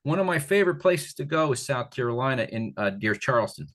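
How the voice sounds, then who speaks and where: An older man from the Catskills talking as an author guest in a casual interview, rambling and animated, with many restarts. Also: medium pitch, fairly quick. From Catskills, New York.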